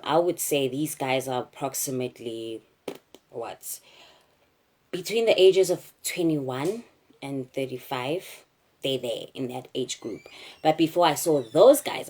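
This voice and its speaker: Low-voiced South African woman. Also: darkish tone. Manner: candid, halting retelling with frequent fillers. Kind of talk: personal story told to camera.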